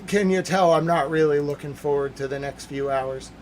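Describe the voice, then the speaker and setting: A man hosting a livestream news commentary, hoarse from yelling, ranting loudly and repetitively, swinging between shouts and mutters. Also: on the high side, normal speed, slight background noise.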